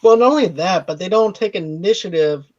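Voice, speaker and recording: Guy with a higherish voice walking through a movie plot, dry dull-sounding mic. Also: a little fast, no echo. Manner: recaps the plot step by step, matter-of-fact. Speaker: movie review co-host. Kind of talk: casual spoiler review chat. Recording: dry, slightly dull recording.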